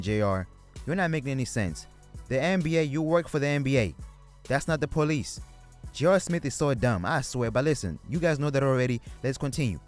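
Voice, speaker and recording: A man's voice: medium pitch, a little fast, soft background music. A man giving casual commentary on sports news as a vlogger, blunt, joking and profane.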